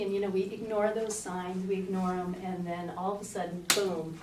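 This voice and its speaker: A middle-aged woman, a fitness coach, giving a lively motivational talk to an audience and telling her own story. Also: medium pitch, moderate pace, a little hiss or hum. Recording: roomy, distant audience-talk recording.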